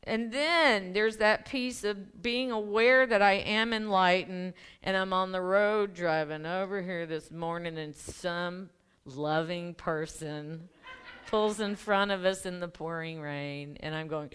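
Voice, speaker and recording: Chatty woman minister with a smooth voice. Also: fairly low pitch, steady tone, unhurried, fairly bright tone. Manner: chatty, laughing asides, many restarts and ums. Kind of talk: casual conversational sermon. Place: church sanctuary.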